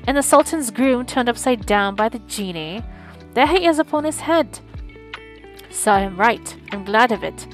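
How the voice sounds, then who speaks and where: A woman's voice: mid-range voice, moderate pace, hardly any pauses, soft background music, lightly acted, poor audio. A woman reading aloud, voicing an old miserly man who exclaims eagerly, caught between laughing and crying. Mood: excited.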